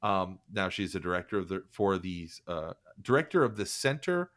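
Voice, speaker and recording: A man's voice: sits low, expressive, moderate pace, a bit bright, no echo, studio quality. A man hosting a casual podcast chat, rambling and sardonic, swearing freely as he reads from and mocks an article.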